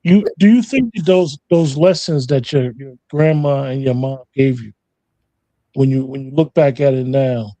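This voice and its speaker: A man's voice: mid-range voice, moderate pace, mellow, no echo. A man hosting a conversation, asking rambling questions that restart several times. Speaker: host. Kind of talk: interview questions.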